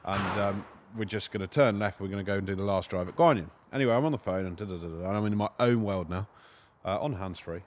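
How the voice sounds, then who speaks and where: A man, a shoot host, telling anecdotes in a casual podcast chat, rapid and animated, with lots of "you know". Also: sits low, a little hiss or hum. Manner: rapid, animated storyteller with frequent fillers. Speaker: shoot host and business owner, podcast guest.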